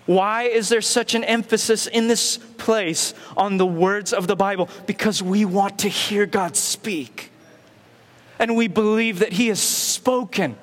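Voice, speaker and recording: A man's voice: high-pitched, measured pace, a bit bright, big-room sound. A man preaching a sermon as pastor, with emphatic rhetorical questions and repetition. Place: church sanctuary.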